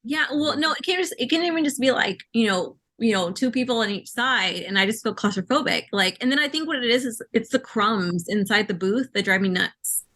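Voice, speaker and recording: A woman's voice: a little high, expressive, brisk, few pauses, a bit bright. Chatty woman on a podcast. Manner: chatty, many "like" fillers. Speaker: podcast co-host. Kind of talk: casual chat.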